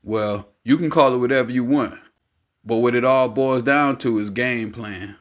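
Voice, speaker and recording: A man voicing a cocky, teasing, smooth-talking womanizer in an audiobook. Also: medium pitch, normal speed, lightly acted. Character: smooth-talking womanizing male friend, adult, brash.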